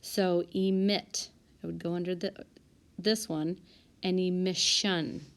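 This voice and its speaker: Working through a spelling list at an unhurried, deliberate pace, a woman teacher with a slightly low voice stops now and then to correct herself aloud as she sorts the words. She stays calm and methodical, and it sounds like a classroom lesson captured on a tablet microphone.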